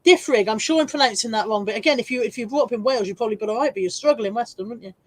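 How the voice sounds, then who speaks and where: An Englishwoman in her forties hosts a reseller livestream, her voice on the high side and rapid-fire. She chats casually, reads out viewer comments, and laughs often while poking fun at herself.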